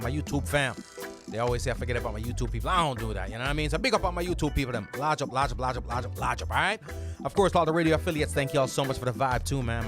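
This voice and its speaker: A man with a Jamaican accent hosting a radio and podcast show, energetically rattling off greetings and shout-outs to listeners. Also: medium pitch.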